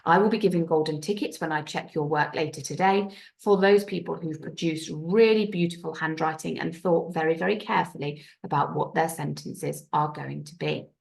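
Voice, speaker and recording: A low-voiced woman leads a recorded video lesson for young pupils. Her delivery is clear and patient, with slight gravel, and her French words are pronounced carefully. She sounds middle-aged. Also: moderate pace, few pauses, darkish tone. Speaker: primary school French teacher.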